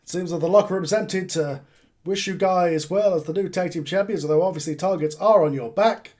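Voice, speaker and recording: A businesslike ring interviewer addresses the new champions in a tabletop wrestling role-play, voiced by a man. His voice runs a little high and brisk. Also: darkish tone, lightly acted.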